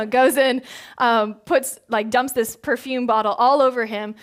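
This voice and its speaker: Female preacher, informal sermon delivery, higher-pitched voice, acts out quotes. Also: steady tone, measured pace. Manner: casual, chatty, with many filler words. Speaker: church speaker. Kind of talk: conversational sermon.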